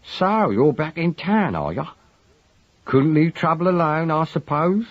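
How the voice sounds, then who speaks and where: A man voicing a truculent middle-aged Cockney manservant with a husky, grumbling, slangy delivery, on a dull lo-fi recording. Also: fairly low pitch, wildly swooping pitch, measured pace, no room sound, full character voice.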